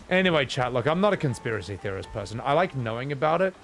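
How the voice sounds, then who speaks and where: Rambling gravelly male streamer. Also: mid-range voice, big pitch swings, quick pace, few pauses, slight background noise. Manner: rambling, swearing, chatty. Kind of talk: casual game stream chat. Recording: game music under voice.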